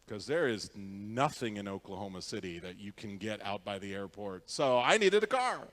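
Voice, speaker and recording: A man's voice: fairly low pitch, very animated, normal speed, a bit bright, long reverb tail. A man giving a conference keynote, telling stories in a conversational way and putting questions to the audience. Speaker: keynote speaker. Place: conference hall.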